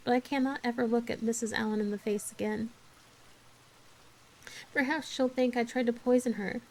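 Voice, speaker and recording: A woman's voice: on the high side, creaky, darkish tone, pitched above the performer's own voice, poor audio. A woman voicing a tearful, dramatic orphan girl, pleading in an anguished, breathless way during an ASMR book reading.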